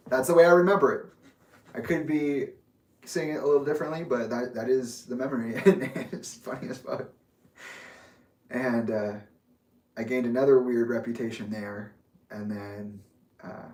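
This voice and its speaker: A man's voice: mid-range voice, a little mellow. A man casually telling a personal story in a rambling, profane way, laughing often. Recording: echoey room, mic far off.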